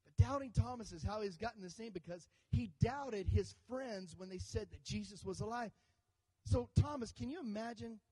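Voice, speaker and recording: Male pastor, sermon, joking storyteller, high voice, mellow warm tone. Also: moderate pace, husky, poor audio. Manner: animated storytelling with jokes and audience call-outs.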